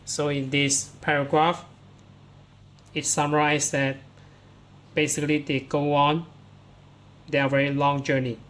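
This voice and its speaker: A male English teacher talks pupils through workbook answers one by one. He speaks slowly, with a slightly raised pitch, and keeps coming back to "so" as he reads the text aloud and points out where each answer is found. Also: level tone, fairly bright tone. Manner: slow, explains step by step, starts lines with "so".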